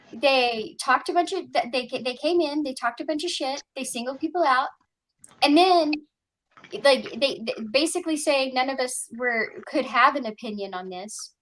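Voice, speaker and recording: A woman chatting casually on a live stream panel, telling an animated story and acting out what others said. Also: high voice. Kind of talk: casual chat.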